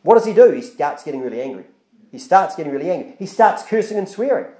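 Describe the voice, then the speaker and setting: A male preacher with a fairly high, mellow voice that climbs and dips a lot as he talks. He preaches in a loose, conversational way, restarting phrases and acting out little quoted exchanges. The sound carries the echo of a church hall. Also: sing-song, quick pace. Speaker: pastor. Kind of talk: sermon.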